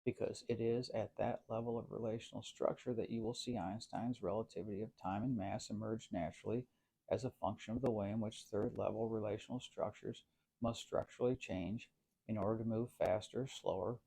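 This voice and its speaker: A man giving a scripted philosophical narration in a measured, formal way, with long winding sentences. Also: on the low side, steady tone, gravelly, dark tone, slightly rough.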